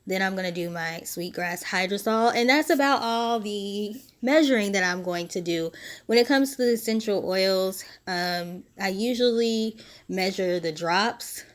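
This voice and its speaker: A woman narrating a casual how-to voice-over for her spiritual DIY video. She sounds a little short of breath and explains each step in a relaxed, chatty way with small laughs. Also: mid-range voice, unhurried. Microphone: phone.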